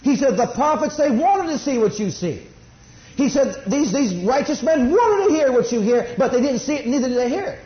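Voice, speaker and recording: A middle-aged man preaching a sermon, swinging between soft asides and rising exclamations. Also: extremely high pitch, animated, normal speed. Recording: dull roomy recording.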